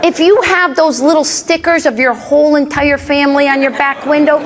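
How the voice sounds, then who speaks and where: A woman's voice: high voice, fairly even intonation, normal speed, background noise. Brash middle-aged woman comic, roaring crowd. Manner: brash, punchy storytelling with jokes landing to laughter. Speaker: stand-up comedian. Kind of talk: stand-up routine with crowd work. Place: comedy club stage. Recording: live club recording with loud crowd laughter. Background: loud audience laughter.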